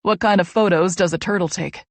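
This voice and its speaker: A woman voicing a charming, teasing young male hockey player, speaking slower and a bit lower. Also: no room sound. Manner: easygoing, teasing, slower delivery.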